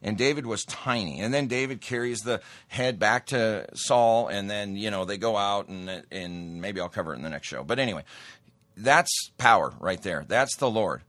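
A man's voice: on the low side, normal speed, few pauses, a bit bright, dry recording. A man hosting a show, reading a Bible story aloud and breaking in with casual, plain-spoken asides to explain it.

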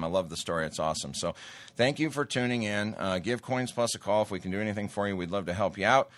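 A man hosts his show, reading a Bible passage aloud and stopping often to explain it in plain, casual words. His voice sits on the low side, and the recording is dry, with no room sound. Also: fairly bright tone, dry recording. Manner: reads aloud then breaks in with plain-spoken asides.

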